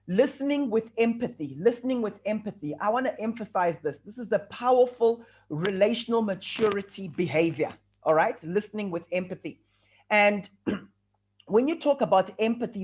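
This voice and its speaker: A man in his forties, a coach giving a virtual conference talk and acting out the dialogue in his stories. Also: high voice. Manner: animated storytelling, acts out dialogue. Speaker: workshop speaker and coach.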